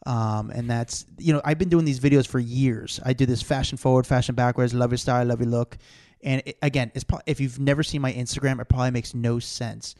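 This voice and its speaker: Casting: gravelly-voiced man, middle pitch, rambling and animated, casual podcast co-host. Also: a little fast. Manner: rambling, animated storyteller, slangy. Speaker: podcast co-host, celebrity street interviewer. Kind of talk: casual chat.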